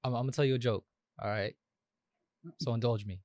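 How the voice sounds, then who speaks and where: A man co-hosting a casual podcast, animated and jokey, swearing freely. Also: medium pitch, a little fast, no room sound. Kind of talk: casual chat.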